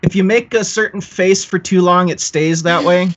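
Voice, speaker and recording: Relaxed man on a muffled mic. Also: sits high, normal speed. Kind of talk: casual live-stream chat.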